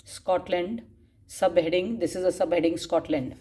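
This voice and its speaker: A woman's voice: lowish voice, fairly even intonation, moderate pace, dark tone. A woman teacher dictating class notes, spelling words out and repeating phrases, with frequent coughs. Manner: frequent coughs and throat clearing.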